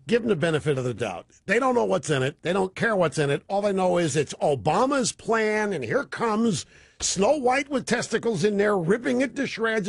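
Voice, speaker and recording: A man's voice: sits high, breathy edge, no echo, clean studio sound. A man hosting a radio talk show, delivering an opinionated monologue with sarcastic, mocking asides.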